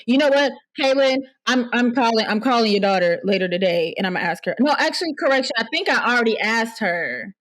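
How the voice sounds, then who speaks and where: A woman hosting a podcast, talking casually and haltingly with many fillers. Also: a little high, expressive, a bit bright. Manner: hesitant, drawn-out, with many fillers. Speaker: podcast host. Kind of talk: casual chat.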